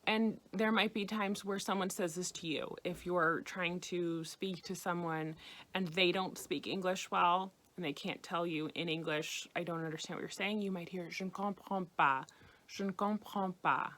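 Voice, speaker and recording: A woman's voice: on the low side, fairly even intonation, a bit bright. American woman teaching travel phrases. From United States. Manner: repeats phrases slowly and clearly. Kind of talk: casual spoken lesson.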